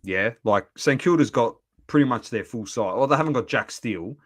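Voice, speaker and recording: A man with an Australian accent co-hosting a casual sports podcast, animated and laughing as he rants about footy. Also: medium pitch, a little fast. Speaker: podcast co-host.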